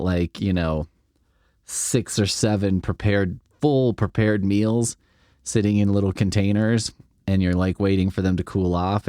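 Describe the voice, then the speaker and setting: Reading his script aloud, a male comedy podcaster drifts into dry, meandering tangents that fade out. His voice is lowish and mellow, recorded at studio quality with no room sound.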